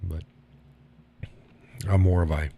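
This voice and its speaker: A man's voice: low voice, fairly even intonation, takes it slowly, creaky, narrow, tinny audio. A man hosting a live stream, chatting casually and answering his viewers with frequent laughs. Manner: rambling, laughs often, reads and answers chat.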